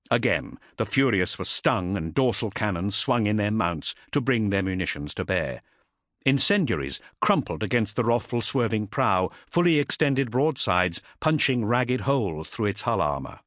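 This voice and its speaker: A man narrates an audiobook with dramatic, expressive storytelling. His voice sits low and moves animatedly through a wide range. The recording is close and dry. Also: dry recording.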